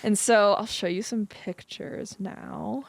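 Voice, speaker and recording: A young woman co-hosts a podcast in a loose, chatty way, leaning on "like" and "you know". Her pitch sits in the middle. She is recorded close on a dry mic. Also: slow, gravelly, no room sound. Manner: chatty, lots of fillers. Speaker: podcast co-host. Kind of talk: casual chat.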